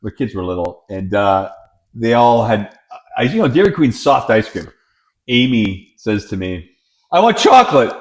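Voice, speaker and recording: A middle-aged father co-hosting a casual podcast, his voice swooping widely in pitch. He stumbles over repeated words, then throws himself into loud acted-out moments in his stories. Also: measured pace. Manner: lively storyteller, repeats words, acts out shouting. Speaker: podcast co-host. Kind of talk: casual chat, storytelling.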